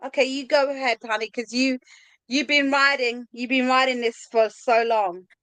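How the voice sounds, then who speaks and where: A woman hosts a casual online group chat, inviting each guest to speak in turn. Her voice sits high, and the sound is dry and close. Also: fairly even intonation, normal speed, fairly bright tone, no room sound. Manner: leads the talk, calls on each guest. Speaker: host.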